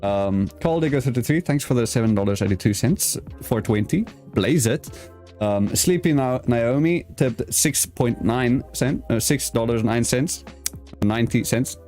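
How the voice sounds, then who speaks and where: A man's voice: medium pitch, normal speed, a little mellow, faint music behind. A young man from South Africa hosting an online interview show, joking around in casual chat and stumbling over his words. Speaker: podcast host.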